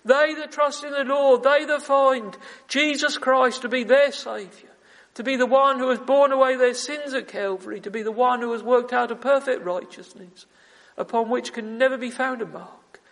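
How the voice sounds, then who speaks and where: A man's voice: very high-pitched, normal speed, vocal fry, a bit bright, big-room sound, low-quality recording. A man preaching an evening sermon from the pulpit, fervent and full of biblical phrasing, calling his hearers "friends" again and again.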